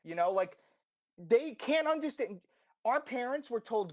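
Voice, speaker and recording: Unhurried and animated, this man's high voice carries a slight accent as he guests on a casual podcast interview. He gives heartfelt, rambling advice, often restarting and correcting himself.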